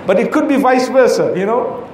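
A man's voice: very high voice, moderate pace, noisy background. A middle-aged man giving a sermon as an Islamic preacher, emphatic and full of rhetorical questions. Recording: echoey hall with faint ambience.

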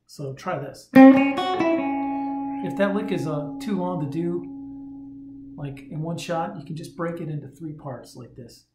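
A man with a slightly high voice teaches a guitar lesson in a loose, conversational way, now and then humming rhythms aloud. His voice sits in a roomy space, with guitar playing clearly heard around it. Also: unhurried.

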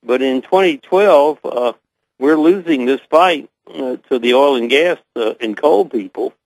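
An older man with a Southern US accent speaks as an interview guest over a voice connection. He moves slowly through his thoughts with frequent pauses and fillers. His voice sits at a middle pitch and sounds dry, with no room echo. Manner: hesitant, many pauses and fillers.

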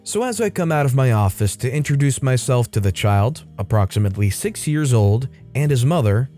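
A man reading a first-person online story aloud as scripted narration, in a steady, even way. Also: mid-range voice.

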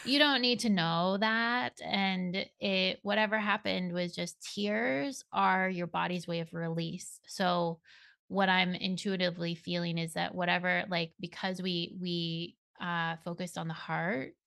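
Woman, spiritual coach guest; gentle, giggly, a little gravelly, dry close sound. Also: fairly low pitch, little pitch movement, a little slow, no echo. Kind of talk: casual interview chat.

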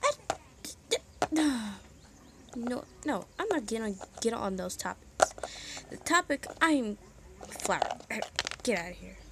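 A vlogger records a casual phone vlog in her bedroom at home, rambling in a moody, self-deprecating way and half whispering at times. Her fairly high voice swings widely in pitch, moves slowly with frequent pauses, and the background is noisy.

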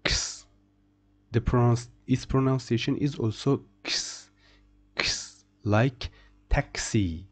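A man's voice: lowish voice, takes it slowly, darkish tone, breathy edge. A man teaching beginner French pronunciation, saying each word several times and then translating it. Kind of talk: slow beginner pronunciation lesson.

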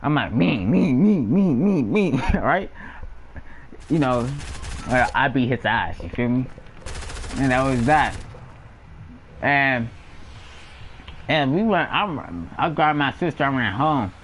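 A man's voice: mid-range voice, expressive, slow, pauses often, a little hiss or hum, low-quality recording. A young man telling personal stories in a casual, slangy way, often laughing and acting out the sounds of what happened. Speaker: storyteller. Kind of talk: casual storytelling.

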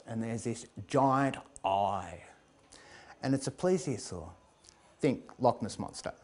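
A man telling a comic tale, lively and chuckling, building to loud climaxes. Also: mid-range voice. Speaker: storyteller. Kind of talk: comic oral storytelling.

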